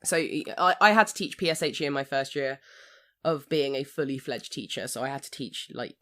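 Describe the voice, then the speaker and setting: A woman, co-hosting a casual podcast chat and telling a story with lively, laughing delivery. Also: rumbling low, normal speed. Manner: animated storyteller, laughing often. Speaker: occasional co-host.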